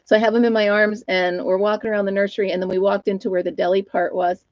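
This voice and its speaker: A woman's voice: medium pitch, level tone, fast, dry recording, lo-fi sound. A middle-aged woman with an Upstate New York accent, hosting a casual live chat, laughing often and talking to her dog and viewers. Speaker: livestream host.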